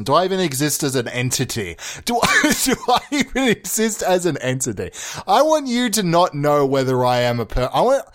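An Australian man from Australia in a casual comedic monologue, playful and rambling, bending his inflections for fun. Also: a little high.

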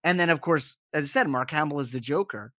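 A man in casual podcast chat, an animated storyteller who acts out the lines he quotes. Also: on the high side, quick pace, dry recording, studio quality. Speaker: podcast co-host.

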